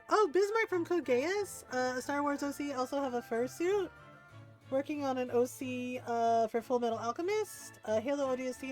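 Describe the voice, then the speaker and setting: A woman streaming a video game, chatting casually with viewers, laughing often and retelling stories with animated energy. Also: high voice. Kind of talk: casual gameplay stream chat.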